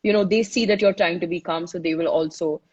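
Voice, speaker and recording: A woman's voice: lowish voice, fairly even intonation, quick pace, darkish tone, slightly rough, muffled recording. A woman giving chatty, casual advice in a live online session, often saying "you know" and talking it through. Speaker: speaker giving advice on listening.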